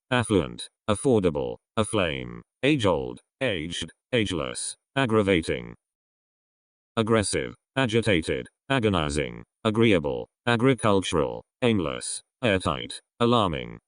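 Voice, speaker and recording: A man reading a vocabulary list aloud, one word at a time with pauses between them. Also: deep voice, dry recording, clean studio sound. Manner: reads single words one by one with pauses. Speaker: vocabulary reader.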